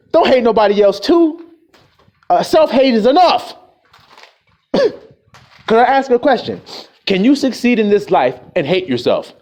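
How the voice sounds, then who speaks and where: A man's voice: extremely high pitch, big pitch swings, a little slow, long pauses, darkish tone. A man preaching a profane, confrontational street sermon, scolding his listeners.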